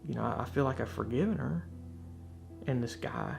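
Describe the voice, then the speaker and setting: A man's voice: mid-range voice, normal speed, vocal fry, faint music behind. A man earnestly and candidly telling a personal faith testimony, reflecting on what happened to him. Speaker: speaker sharing a faith testimony.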